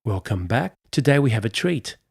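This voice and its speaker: A man's voice: medium pitch, sing-song, normal speed, gravelly, darkish tone, breathy edge. A man hosting a podcast from a studio, cheerful and laughing often in a casual chat. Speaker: podcast host.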